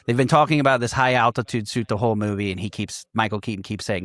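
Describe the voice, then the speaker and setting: A man's voice: on the low side, fast, a bit bright, no room sound, clean studio sound. A man co-hosting a casual movie podcast, recapping scenes with frequent laughter, swearing and quoted lines. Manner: laughing, profane, retells scenes quoting characters. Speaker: podcast co-host.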